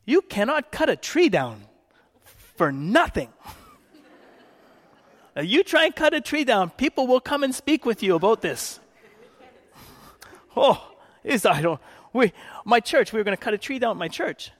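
Telling stories in a sermon, a Canadian preacher laughs often and acts out quotes in a voice that's high for a man. He's very animated yet unhurried, with long pauses, and a long hall reverb fills the sound.

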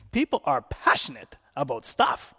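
A man's voice: medium pitch, wildly swooping pitch, takes it slowly, bright, forceful tone, breathy edge, long reverb tail. A man from Canada giving a sermon, telling stories with frequent laughs and acted-out quotes. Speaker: preacher.

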